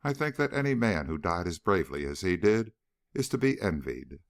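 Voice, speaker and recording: A man reading the part of a calm, dry-witted male secret agent in an audiobook. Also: deep voice. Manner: dry, mild, measured.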